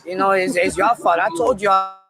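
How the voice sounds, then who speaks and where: A man casually telling a personal story in a candid, profane, animated way. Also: sits high, moderate pace, gravelly, poor audio.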